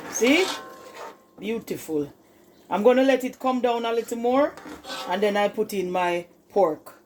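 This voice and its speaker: Woman, Jamaican accent, home cooking vlog host, chatty, talks straight to viewers, kitchen, soft sizzling in the background. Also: on the high side, expressive, a little slow, slight background noise, rough recording. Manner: chatty, calls viewers "people", keeps saying "look at that". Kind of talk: casual cooking demonstration.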